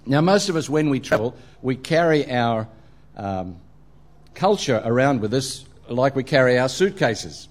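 In a sermon full of anecdotes, a middle-aged Australian man tells funny travel stories, dropping in lots of ums and uhs. His medium-pitched voice has a sing-song lilt and an unhurried pace.

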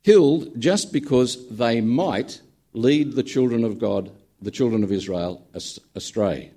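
A man's voice: medium pitch, a little slow, mellow. A man preaching a sermon in a conversational storytelling manner, with dry humour. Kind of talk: sermon with a told joke.

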